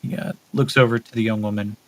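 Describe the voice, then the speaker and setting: A man narrating a solo tabletop role-playing game as game master, thinking aloud with relaxed fillers. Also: lowish voice, quick pace, rough recording.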